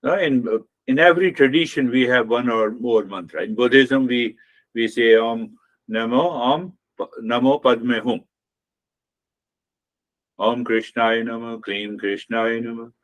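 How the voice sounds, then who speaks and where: A man giving a spiritual talk on meditation as a teacher, explaining in an unhurried way and repeating key phrases. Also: medium pitch, dull audio.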